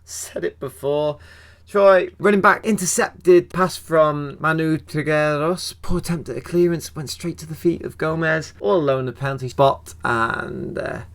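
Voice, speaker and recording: A man's voice: a little high, a little slow, vocal fry, fairly bright tone. A young man talking casually through a football match review, chatty and self-deprecating, asking himself questions as he goes. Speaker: football fan channel host.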